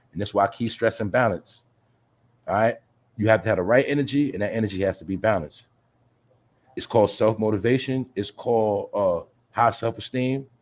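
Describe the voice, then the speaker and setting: Man, livestream host, slightly low voice, casual slang, profane, preachy repetition. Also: darkish tone. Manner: streetwise slang, addresses listeners as "y'all", "you feel me"; preachy, repeats his points for emphasis.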